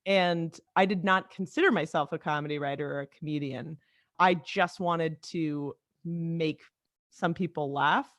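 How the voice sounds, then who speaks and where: A woman guest, a comedy writer, chatting casually in an interview, animated and full of quick restarts and asides. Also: sits low, no echo, clean studio sound.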